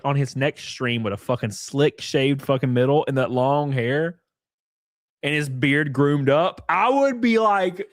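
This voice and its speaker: A man reacting on his stream in loose, mocking commentary, cursing freely and laughing often. His voice sits a little high and swings widely up and down. The sound is dry and close, with no room in it. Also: dry recording. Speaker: streamer host.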